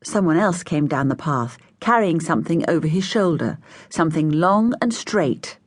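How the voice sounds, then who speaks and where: A woman narrating a children's story, voicing each child with a higher, brighter pitch. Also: moderate pace, dry recording, clean studio sound. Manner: lively, voices each child with raised pitch. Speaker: audiobook narrator.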